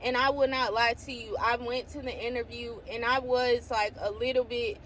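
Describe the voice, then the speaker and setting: A woman talking casually to camera about her faith, excitable and exclaiming often, sometimes reading scripture aloud. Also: a little high, normal speed, slight background noise. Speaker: faith vlogger.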